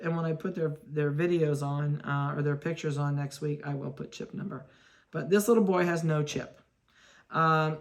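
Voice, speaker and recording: A woman dog breeder giving a chatty running commentary while handling puppies, talking to them and laughing at her own mix-ups. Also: low voice. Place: indoors at a kennel.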